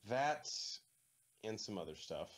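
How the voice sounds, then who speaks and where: A man's voice: on the low side, very animated, slow. A man hosting a casual movie commentary, joking and offhand, with lots of fillers.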